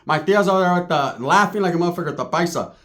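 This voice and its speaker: A man's voice: fairly high pitch, racing. A man telling a comic story in a casual, profane way, acting out what people said. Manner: profane, animated, acts out quotes.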